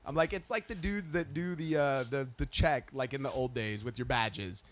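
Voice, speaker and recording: A man in his thirties, a podcast co-host telling a story in casual chat, swearing freely and loudly acting out the people in it. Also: medium pitch, moderate pace. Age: 30s.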